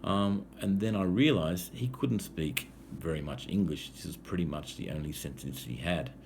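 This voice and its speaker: A man with an Australian accent and a notably low voice tells a personal travel tale for English learners. He talks in a relaxed, easygoing way, often pausing on "um". Faint noise hums behind him. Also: vocal fry. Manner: easygoing, frequent "um" fillers. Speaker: English teacher. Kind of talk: casual storytelling for language learners.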